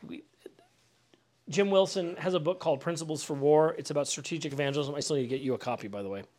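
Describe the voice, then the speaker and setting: A man's voice: fairly high pitch, fast, a little mellow. A middle-aged man preaching a teaching sermon in a conversational way, often repeating words and putting questions to his listeners. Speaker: pastor. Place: house.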